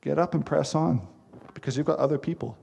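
Gravelly-voiced man preaching a sermon. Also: on the high side, brisk, dark tone. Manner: earnest, emphatic preaching with repeated phrases. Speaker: pastor.

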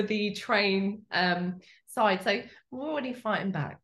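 A woman's voice: medium pitch, normal speed, few pauses, a bit bright, echoey room. A woman co-hosting a casual podcast chat, telling stories in a rambling, chatty way. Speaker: podcast co-host.

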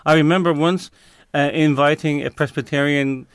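Smooth-voiced man groping for words. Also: a little high, fairly even intonation, moderate pace, dry recording, clean studio sound. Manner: searches for words, frequent fillers and restarts. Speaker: interview guest. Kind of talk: conversational interview answer.

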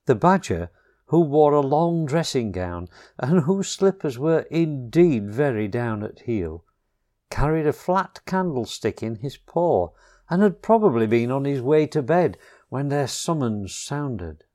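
Slow, expressive storytelling man. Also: mid-range voice. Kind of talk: children's story reading.

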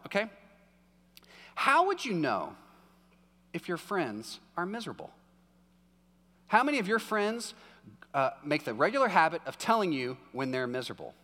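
A man's voice: sits high, fairly bright tone. A man preaching a sermon in a casual, conversational way with joking asides, recorded live in a church hall. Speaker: pastor.

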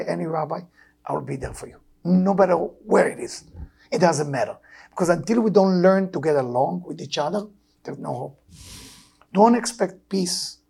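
A man, an English speaker, giving a Torah class with animated storytelling and broken grammar. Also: high voice, creaky, breathy edge. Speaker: Torah teacher. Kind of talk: weekly Torah class talk.

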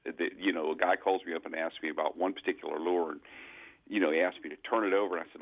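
Auctioneer guest: man, low voice, calling in over a thin phone line, relaxed storyteller. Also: fast. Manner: chatty storyteller, easy laughs. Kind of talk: casual radio chat.

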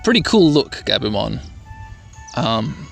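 A man's voice: medium pitch, big pitch swings, slow pace, vocal fry, a bit bright. A man hosting an easygoing, rambling let's-play commentary meant for sleep. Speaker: host. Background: faint music.

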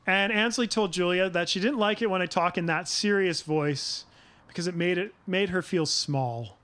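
A middle-aged man preaching a sermon, earnest and measured, asking his listeners rhetorical questions. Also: sits high, a bit bright. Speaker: pastor.

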